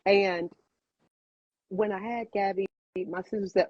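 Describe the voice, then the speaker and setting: A woman in her fifties tells her story with feeling, leaning on repeated phrases. Her voice is husky and dry, and the recording sounds a little dull. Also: mid-range voice, unhurried, no room sound. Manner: expressive, repeats phrases for emphasis. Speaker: cigar bar owner and guest. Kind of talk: emotional personal storytelling.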